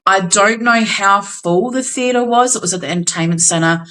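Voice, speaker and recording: Australian woman, young, bright tone, chatty podcast co-host, animated storyteller, casual swearing. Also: mid-range voice, moderate pace, low-quality recording. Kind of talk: casual chat.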